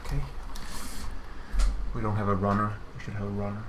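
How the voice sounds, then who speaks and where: Low-voiced joking man streaming a game. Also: monotone, a little fast, noisy background. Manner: jokey, teasing, playful. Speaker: developer stream host. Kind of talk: casual chat over gameplay.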